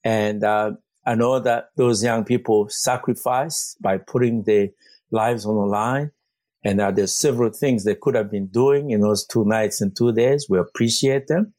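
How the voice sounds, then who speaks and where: A man's voice: lowish voice, a little slow, darkish tone, no echo. A man working as a community organizer, answering interview questions earnestly with frequent fillers and restarts. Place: Vancouver.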